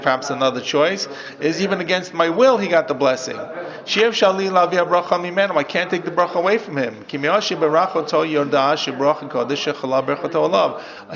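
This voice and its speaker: A man's voice: on the high side, creaky. A man teaching a text class as a rabbi, reading Hebrew lines and then explaining them step by step to his students. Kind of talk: classroom Torah lesson. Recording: dull lo-fi audio with class chatter.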